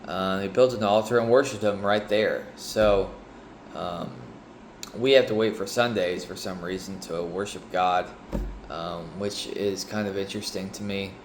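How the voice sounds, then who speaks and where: A man reading a Bible chapter aloud and pausing to reflect on it, hesitant and sleepy, with frequent ums and restarts. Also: deep voice, steady tone, slight background noise. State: sleepy, yawning. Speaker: Bible reader sharing reflections.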